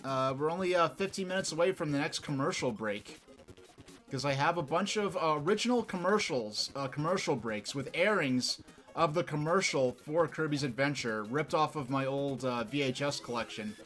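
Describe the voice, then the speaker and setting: A man from New York chatting casually and rambling while he streams a video game, getting excited easily. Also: fairly high pitch, normal speed, soft background music.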